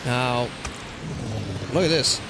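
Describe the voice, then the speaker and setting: A man hosting a let's play, rambling crudely and joking to himself over loud game sounds. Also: medium pitch, takes it slowly, noisy background. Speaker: gaming channel host. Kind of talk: casual let's play commentary.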